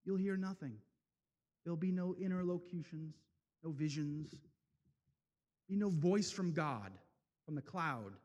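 A man preaching an impassioned sermon, swinging from loud declarations to hushed, slow passages. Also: a little high, animated, in a large hall. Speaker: speaker at a men's event.

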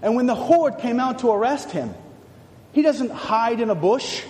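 A male preacher giving a dramatic sermon, swinging from hushed words to shouts. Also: extremely high pitch, expressive, moderate pace. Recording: long hall reverb.

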